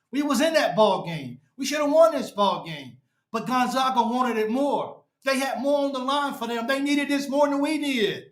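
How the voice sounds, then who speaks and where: A man's voice: very high-pitched, fairly bright tone. A man hosting a fan show, ranting after a game, frustrated and repetitive. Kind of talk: post-game fan rant. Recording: echoey room.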